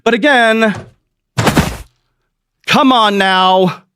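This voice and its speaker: A man's voice: sits high, extremely slow, background noise. A man hosting a comedy podcast, telling crude, rambling stories in a profane, self-mocking way and laughing at his own jokes. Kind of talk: crude comic storytelling monologue.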